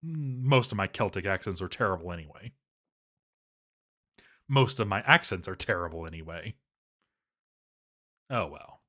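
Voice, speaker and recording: A man's voice: low-pitched, lively intonation, normal speed, pauses often, pushed and bright. Offhand man reading posts aloud. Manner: self-deprecating, offhand. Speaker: host reading community posts. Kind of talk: casual live reading.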